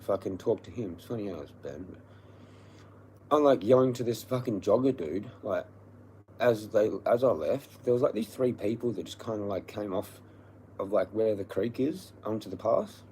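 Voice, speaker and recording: Hoarse, swearing Australian man. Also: on the low side, moderate pace, mellow, slight background noise. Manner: profane, aggressive ranting. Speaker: livestreamer. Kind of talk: livestream rant.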